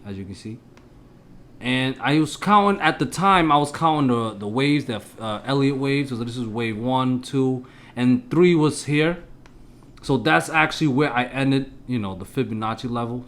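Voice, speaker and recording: A man's voice: mid-range voice, a bit bright. A man giving a casual stock chart analysis, talking straight to his viewers in an emphatic, punchy way. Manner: punchy, with exclamations. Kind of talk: casual market analysis talk.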